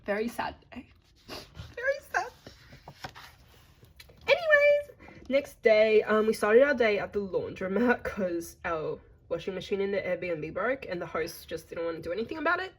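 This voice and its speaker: A woman's voice: medium pitch, expressive, moderate pace, few pauses, slightly rough. A young Australian woman narrating a casual travel vlog in a chatty, gossipy way with playful slang. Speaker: vlogger.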